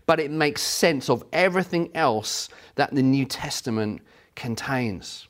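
Casting: middle-aged male preacher, slightly higher voice, animated storyteller. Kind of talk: sermon.

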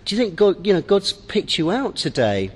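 A man's voice: high-pitched, normal speed, husky. Storytelling man in a reverberant hall. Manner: animated, repeats words, laughs easily. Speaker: church member sharing a story. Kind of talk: storytelling testimony.

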